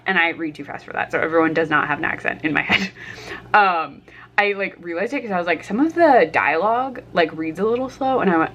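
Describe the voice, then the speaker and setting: A young woman with a lowish, lively voice talks fairly quickly in a pushed, bright way as she cooks lunch at home and chats casually about her reading for a book vlog. She uses lots of fillers and laughs often, and there's a little hiss or hum in the audio.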